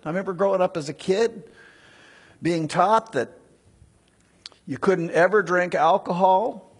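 A man preaching a sermon, teaching slowly through a text and acting out quoted lines. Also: sits high, breathy edge. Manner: animated, acts out the serpent's lines in a raised voice.

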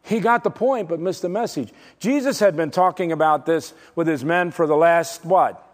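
A man preaching a sermon, emphatic and dramatic, swinging from loud declarations to hushed, slow words. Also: a little high. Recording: long hall reverb.

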